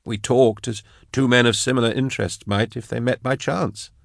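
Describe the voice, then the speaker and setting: A man's voice: mid-range voice, steady tone, normal speed, vocal fry, dry recording, studio quality, voice pushed up, close to an everyday voice. A man voicing a shaken older male scholar who hesitates and gropes for words. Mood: uneasy.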